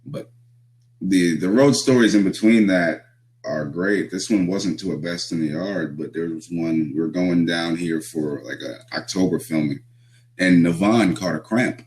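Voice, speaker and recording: Young guy, really deep voice, laid-back swearing road stories, laughs a lot. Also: measured pace, darkish tone. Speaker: pro wrestler guest. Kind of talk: casual storytelling.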